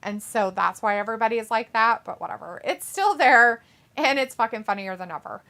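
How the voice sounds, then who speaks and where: A woman co-hosts a casual live stream, reading viewer comments aloud bluntly and profanely while laughing a lot. Her fairly high voice is animated, brisk and a little bright, with some vocal fry.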